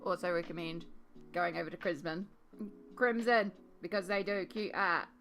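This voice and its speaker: A woman's voice: fairly low pitch, moderate pace, a bit bright, faint music behind. Chatty woman streaming while she paints. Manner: chatty and upbeat, reading and answering chat. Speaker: art streamer. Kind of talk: casual live-stream chat while painting.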